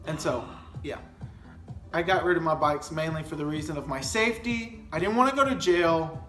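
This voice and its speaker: A man's voice: on the high side, normal speed, fairly bright tone. A young man telling a story in a casual chat, sheepish and laid-back. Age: young adult. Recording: echoey room with music behind.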